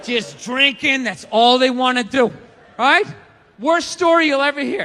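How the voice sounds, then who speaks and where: A man doing a live stand-up set, ranting loudly with lots of profanity in a large theater. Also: very high-pitched, measured pace. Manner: loud ranting delivery with profanity. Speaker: stand-up comedian. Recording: live theater recording with long reverb and faint crowd.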